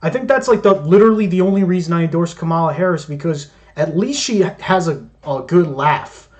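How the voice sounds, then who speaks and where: High-voiced sarcastic man mocking clips. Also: brisk, a little mellow. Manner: mocking, sarcastic, heavy swearing. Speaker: commentator reacting to clips. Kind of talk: profane sarcastic commentary.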